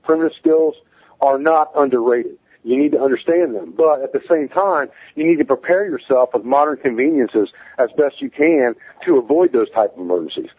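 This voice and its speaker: A man's voice: mid-range voice, moderate pace, slightly rough, no echo, lo-fi sound. A man speaking as a guest in a casual interview, plain-spoken and emphatic as he explains survival skills.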